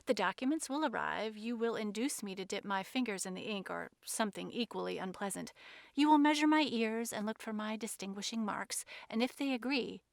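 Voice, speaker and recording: Unflappable, teasing gentleman with a light touch, read by a woman. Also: medium pitch, lively intonation, brisk, creaky, no echo, studio quality. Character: cool, amused, unflappable gentleman suspect.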